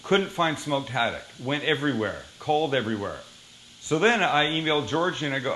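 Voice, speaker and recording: A man's voice: on the high side, brisk, a little hiss or hum, poor audio. A man hosting a cooking show, chatting casually and telling joking stories as he cooks. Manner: joking, animated storytelling.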